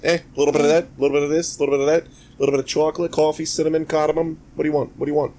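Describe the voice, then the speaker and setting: A man putting on a pushy New York accent as a loud, cursing counter guy who hawks his food in a sing-song voice. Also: fairly high pitch, level tone, very fast, slight background noise, pitched above the performer's own voice, natural voice. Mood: hawking. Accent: put-on New York.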